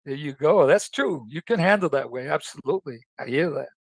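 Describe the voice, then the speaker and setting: A man's voice: a little high, lively intonation, a little fast, creaky, breathy edge, no room sound. A man in a sales training call, agreeable and chiming in. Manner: agreeable, chimes in. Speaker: trainee caller. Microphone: video call mic.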